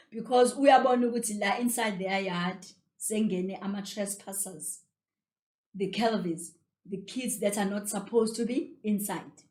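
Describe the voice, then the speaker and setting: A South African woman teaches a revision lesson, animated and repeating phrases to drive points home. Her voice is fairly high and echoes in a roomy space. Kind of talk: explaining a story in an exam revision lesson. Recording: roomy echo.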